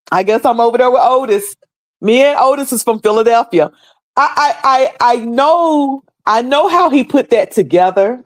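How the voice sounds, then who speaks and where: A woman's voice: on the low side, darkish tone, no room sound, studio quality. A woman with a North Carolina accent chatting casually on her livestream, rambling with many fillers and restarts. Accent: Southern US, North Carolina. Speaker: livestream host.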